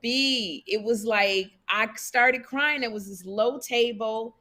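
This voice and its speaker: A woman's voice: on the high side, slow pace, sharp tone. A woman co-hosting a podcast, chatty and emphatic in casual conversation. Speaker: podcast co-host.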